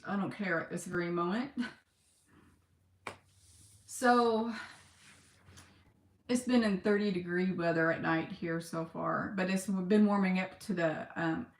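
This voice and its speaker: A woman talking in a personal video diary, on the edge of tears, halting and emotional, with sighs and pauses. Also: lowish voice, roomy sound. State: close to tears. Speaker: vlogger.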